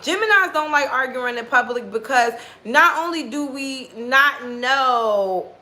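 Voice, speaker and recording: In a casual vlog, a woman with a high-sitting voice and a slightly slow delivery tells a dating story. She's blunt and profane, animatedly retelling it with quoted dialogue as she acts out both sides of the conversation.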